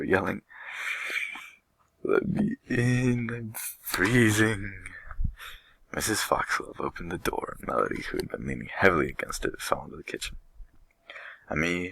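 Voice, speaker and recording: A man reads a children's chapter book aloud, gentle and unhurried. His voice is very low with a gravelly, husky texture yet a bright edge, recorded close and dry. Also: no room sound, rough recording. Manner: gentle, unhurried reading with light voices for characters. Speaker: storyteller.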